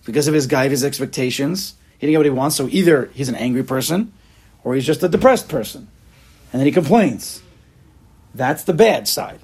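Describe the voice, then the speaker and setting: Husky male Torah teacher, animated. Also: mid-range voice. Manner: animated, sing-song reading of Hebrew and Aramaic text. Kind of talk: Talmud and Chassidus class.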